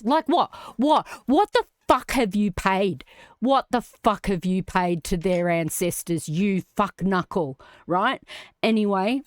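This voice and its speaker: A woman's voice: a little high, big pitch swings, measured pace, no room sound, clean studio sound. A middle-aged Australian woman hosting a livestream, ranting indignantly and swearing as she reads comments aloud. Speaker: livestream host.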